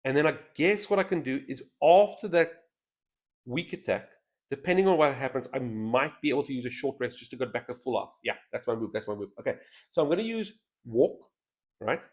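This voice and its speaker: A man's voice: medium pitch, expressive, fairly quick. A man hosting a solo board game stream, thinking aloud as he weighs each move in casual commentary on a headset mic. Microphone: headset mic with a straw-like boom.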